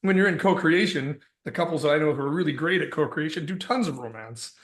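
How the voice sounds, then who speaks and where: A man's voice: a little high, quick pace. A man co-hosting a relationship workshop, thinking aloud as he talks to a small group. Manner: thinking aloud, restarts and hedges. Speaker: workshop co-host. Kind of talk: relaxed talk to a small group. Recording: echoey room.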